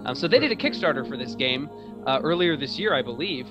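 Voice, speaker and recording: A man's voice: fairly high pitch, lively intonation, quick pace, highs cut off, over music. A man hosting and running a tabletop role-playing game, chatting casually with many fillers and restarts. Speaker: game master.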